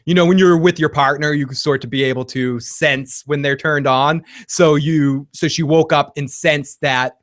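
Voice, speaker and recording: A man co-hosts a casual recap chat, his voice sitting a little high for a man. He laughs often and slips quoted lines into his retelling. The sound is close and dry, with no room around it. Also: fairly even intonation, normal speed, few pauses, no echo. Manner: laughs often, quotes scenes in bits of acted dialogue. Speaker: podcast co-host.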